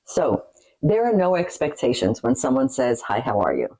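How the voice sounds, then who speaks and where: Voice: mid-range voice, big pitch swings, normal speed, mellow, poor audio. A middle-aged vlogger from the United States, talking casually to camera in a chatty, rambling way with asides and light laughter.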